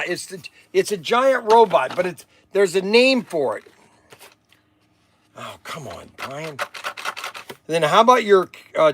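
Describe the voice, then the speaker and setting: Older grandpa guy rambling on a livestream, kinda high voice, sighs a lot. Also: fairly bright tone, slight background noise. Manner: exasperated, forgetful, sighing. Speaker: livestream host.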